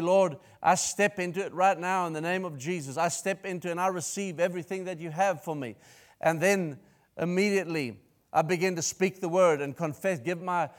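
Man preaching with praise outbursts. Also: fairly high pitch. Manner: rambling, self-interrupting with restarts and praise outbursts. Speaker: pastor. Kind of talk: sermon.

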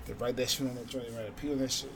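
A man's voice: medium pitch, level tone, racing, creaky, over music. A man telling stories in casual podcast chat, loose and full of slang and swearing. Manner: loose storytelling with slang and profanity.

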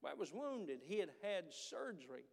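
A man's voice: on the high side, sing-song, normal speed, creaky, long reverb tail. A man preaching a sermon as pastor, with a manner that builds into emphatic, repeated declarations. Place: church sanctuary.

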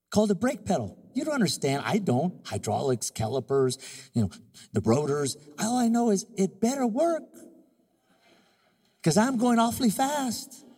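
Man, 50s, pastor; lively sermon delivery, breathy tenor edge. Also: high-pitched, in a large hall. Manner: animated, joking preacher who acts out little scenes.

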